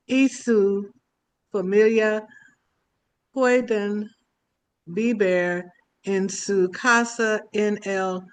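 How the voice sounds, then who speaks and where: Very slow woman reading aloud, smooth voice. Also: medium pitch. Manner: careful, halting reading. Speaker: student.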